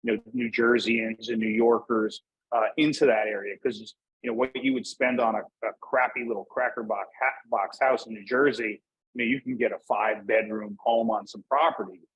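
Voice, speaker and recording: A man's voice: fairly low pitch, steady tone, moderate pace, fairly bright tone, breathy edge, rough recording. A man from Northeast Pennsylvania, a guest in a casual interview, talking in a rambling way with many fillers and restarts. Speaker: podcast guest.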